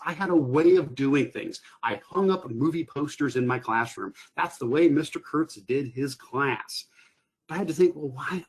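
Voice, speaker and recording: A man who is a teacher telling a classroom story in a lively way, acting out his own past thoughts. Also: fairly high pitch, husky. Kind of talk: storytelling presentation.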